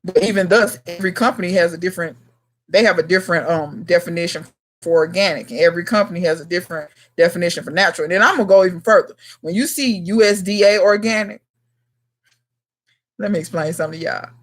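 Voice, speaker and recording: A gardening channel host in her thirties runs a casual livestream chat, speaking bluntly to viewers. Her lowish voice moves fast, and her speech is slangy and emphatic.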